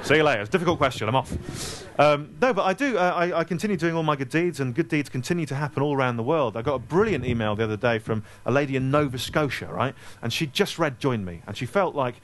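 A man's voice: medium pitch, lively intonation, fast talker, few pauses. Wisecracking Scottish-born man fielding audience questions. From Scotland. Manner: jokey, self-deprecating, rambling asides. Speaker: author speaking to an audience. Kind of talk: casual audience Q&A. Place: store event space with a live audience. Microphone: handheld microphone.

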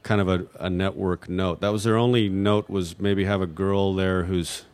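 A man from New Mexico with a fairly low voice, fielding questions from an audience. He rambles, stalls on fillers, and restarts his sentences often. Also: steady tone, normal speed, a little mellow, clean tone. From New Mexico, USA. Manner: hesitant, full of fillers and restarts. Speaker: guest at audience Q&A. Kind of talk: rambling unscripted answers.

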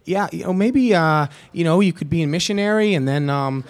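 A man impersonating a mild, soft-spoken male film director who politely dodges ideas with hesitant hedging. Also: on the high side, animated, fairly quick, a little hiss or hum, pitched above the performer's own voice. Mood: evasive.

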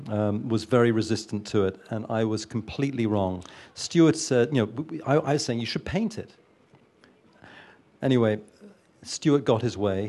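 Man, mid-pitched, earnest producer at a panel, hesitant. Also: warm tone. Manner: earnest, hesitant, many restarts. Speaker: film producer. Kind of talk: interview answers.

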